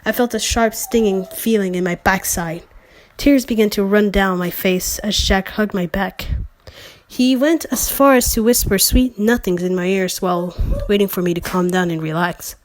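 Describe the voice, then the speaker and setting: A woman's voice: mid-range voice, moderate pace, slight background noise. A woman reading a fan story aloud for laughs, stumbling over words and breaking off for sarcastic asides. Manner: sarcastic asides, slips and self-corrections. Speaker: channel host. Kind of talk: mocking reading of fan fiction.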